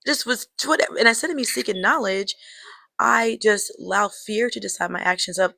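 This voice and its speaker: Chatty woman with a gravelly edge. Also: medium pitch, brisk, pushed and bright, no echo. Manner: chatty, addresses viewers as girl and y'all; reflective, draws life lessons. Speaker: vlogger telling a personal story. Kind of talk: casual storytelling to camera.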